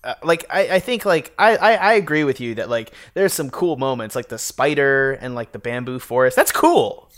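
A man co-hosting a podcast, chatting casually about a film, animated and laughing often. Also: mid-range voice, normal speed, few pauses. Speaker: podcast co-host. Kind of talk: casual film review chat.

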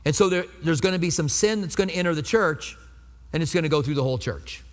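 A man's voice: a little high, fast talker, long reverb tail. A pastor in his fifties preaching a sermon in a conversational way, asking the congregation rhetorical questions.

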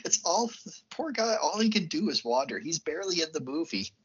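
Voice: medium pitch, very animated, brisk, highs cut off, crowd noise. A podcast co-host casually recapping a film plot, laughing often.

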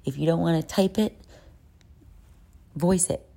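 A woman's voice: lowish voice, measured pace, gravelly, warm tone, breathy edge. A woman recording a casual voice note about anxiety and sleep. She talks in a chatty, profane way and often drops into whispers. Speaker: vlogger. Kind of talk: casual self-help voice note. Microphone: phone voice note.

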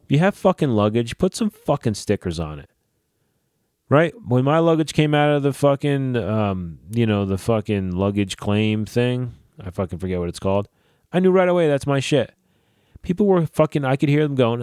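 A man hosting a casual solo podcast, swearing freely and ranting in a lively way. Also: lowish voice, normal speed, smooth, no echo, clean studio sound. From New Jersey / New York area. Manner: profane, animated ranting. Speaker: podcast host.

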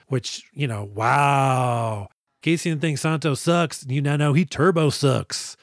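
A man's voice: medium pitch, steady tone, measured pace, no room sound. Guy cohosting a movie podcast, jokey and sweary, dry close sound. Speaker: podcast co-host. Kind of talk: casual movie review chat.

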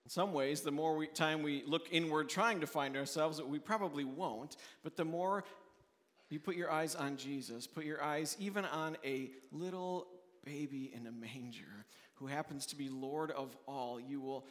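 Pastor preaching in a reverberant hall. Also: male voice, moderate pace, fairly bright tone. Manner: earnest, restarts often, voices quoted questioners in a raised pitch. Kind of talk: sermon.

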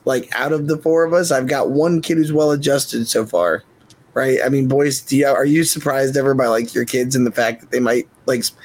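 A man co-hosting a podcast, telling a rambling, joking story about being a dad in casual chat. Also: medium pitch. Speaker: podcast co-host.

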